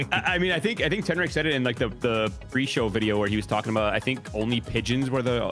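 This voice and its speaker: A man's voice: medium pitch, a little fast, fairly bright tone, faint music behind. A man talking as an esports desk analyst, upbeat and loose, in casual chat.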